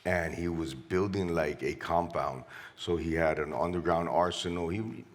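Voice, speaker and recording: Man, middle-aged, from Colombia, very deep voice, animated storyteller, live stage interview. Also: unhurried. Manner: vivid, animated retelling with quoted voices. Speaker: interview guest.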